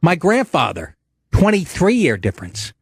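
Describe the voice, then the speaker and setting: A man's voice: on the high side, huge pitch swings, normal speed, husky, no room sound. A man hosting a podcast, ranting in a profane, blustering way. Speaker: podcast host. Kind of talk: casual ranting talk show.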